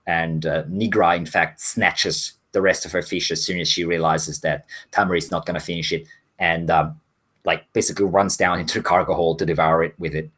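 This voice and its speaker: A man with a very low, deep voice runs a tabletop role-playing game as game master. His narration is loose and rambling, full of fillers and restarts. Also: little pitch movement, moderate pace, a bit bright, slightly rough.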